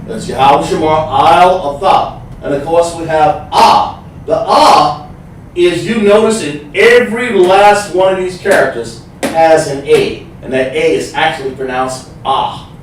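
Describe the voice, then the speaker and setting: Man teaching, repeats and sounds out letters, higher voice, echoey room away from the mic. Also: recorded from a distance, a little hiss or hum. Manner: explains slowly, repeats himself, sounds out letters. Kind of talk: livestreamed class.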